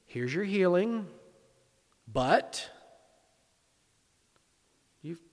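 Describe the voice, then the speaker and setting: Male pastor, conversational sermon, fairly high voice, long hall reverb. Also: big pitch swings, extremely slow. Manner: conversational, repeats words, rhetorical questions. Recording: echoey hall.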